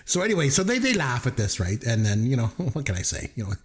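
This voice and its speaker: A man's voice: mid-range voice, sing-song, fast. A middle-aged man from Canada, co-hosting a podcast and telling a funny story about his kids in casual chat, laughing often. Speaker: podcast co-host.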